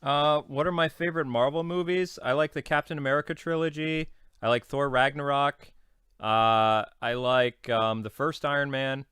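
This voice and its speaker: A young man hosting a podcast in casual chat, relaxed and matter-of-fact as he answers listener questions. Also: mid-range voice, clean tone, no room sound, clean studio sound. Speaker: podcast host.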